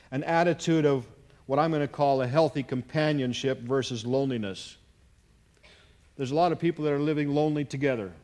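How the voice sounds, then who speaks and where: A middle-aged man preaching a sermon, earnest, moving between hushed and emphatic delivery. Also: mid-range voice. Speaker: pastor.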